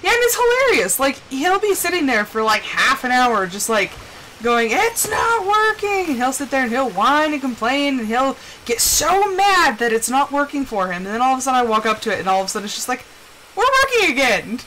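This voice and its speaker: Bright, lively young woman streamer. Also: high-pitched, fast, few pauses, a little hiss or hum, poor audio. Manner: chatty, animated storytelling with quoted voices. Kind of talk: casual live-stream gameplay chat.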